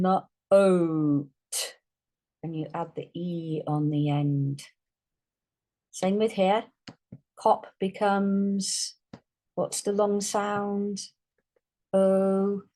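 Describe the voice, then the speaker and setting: A woman giving a phonics lesson, slowly sounding out and stretching each word for young readers. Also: lowish voice, dark tone. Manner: slow, drawn-out sounding out of words. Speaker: teacher.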